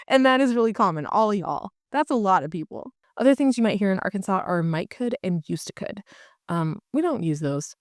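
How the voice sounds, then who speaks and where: A woman's voice: mid-range voice, lively intonation, fairly quick, no room sound, clean studio sound. A woman from Eastern Oklahoma with a light Oklahoma accent, explaining a topic to camera in a chatty way, with casual asides and fillers. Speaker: real estate agent and channel host.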